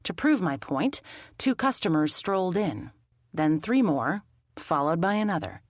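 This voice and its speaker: A woman narrating a first-person mystery audiobook in an expressive, lively storytelling manner. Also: on the low side, measured pace, no echo, clean studio sound.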